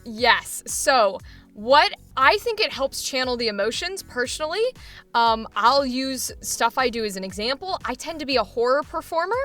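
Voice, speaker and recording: Woman, acting coach, high bright voice, upbeat and laughing, faint music under her. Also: expressive, normal speed. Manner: enthusiastic, laughs often, encouraging. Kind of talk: coaching feedback chat.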